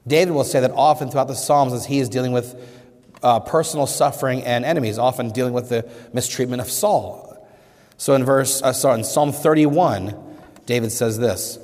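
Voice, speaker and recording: A man's voice: medium pitch, fairly quick, darkish tone. A man preaching a sermon, earnest, lifting his voice when quoting scripture. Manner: earnest, rising emphatically on scripture quotes. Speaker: pastor. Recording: long reverb of a hall.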